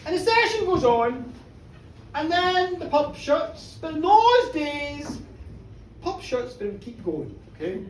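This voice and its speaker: A woman storyteller at a live pub show, chatty and lively, often checking in with her listeners. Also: high-pitched, a little hiss or hum. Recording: roomy pub from far off.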